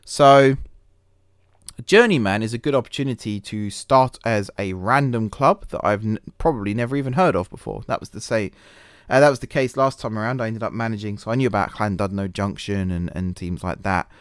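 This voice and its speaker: Brisk and fairly low-pitched, a man gives casual commentary on his gaming channel as he plays a management game, rambling, mocking himself and restarting often amid many fillers. The tone is clean, with no echo and clean studio sound.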